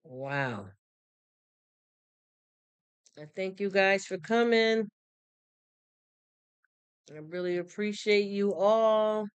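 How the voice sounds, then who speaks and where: A live streamer in casual chat who talks in a warm, rambling, heartfelt way with many restarts. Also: medium pitch, fairly even intonation, takes it slowly, clear, resonant tone, no echo, highs cut off. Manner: greets chat viewers by name and thanks them. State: choked up, near tears.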